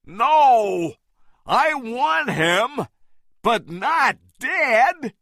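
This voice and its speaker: A man voicing a greedy, obsessive filmmaker who shouts urgent demands. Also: very high voice, sing-song, extremely slow, gravelly, no room sound, clean studio sound, pitched above the performer's own voice, heavily acted.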